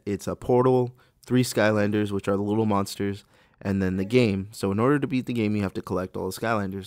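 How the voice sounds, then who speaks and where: A man co-hosting a casual podcast, telling a profane, animated story about a rude customer at his retail job, with many fillers. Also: fairly low pitch, no echo, clean studio sound. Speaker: podcast co-host; retail store worker. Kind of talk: casual rant about work.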